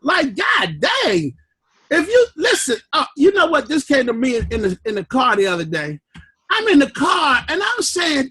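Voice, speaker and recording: A man hosting a fired-up motivational conference call, loud and preachy. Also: sing-song, normal speed, no room sound. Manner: loud, preachy, shouting with swooping pitch.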